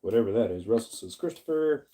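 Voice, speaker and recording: A man's voice: lowish voice, expressive, quick pace, mellow. A middle-aged man from Arizona hosting a casual livestream, rambling and chatty as he reads viewers' comments, laughs often and greets them by name. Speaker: livestream host reading chat.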